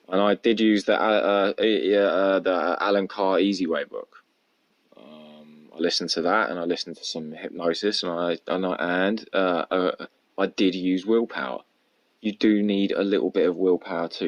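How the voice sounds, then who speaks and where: A man hosting a casual solo podcast, rambling and candid, swearing constantly. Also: sits low. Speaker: podcast host. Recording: dull lo-fi recording.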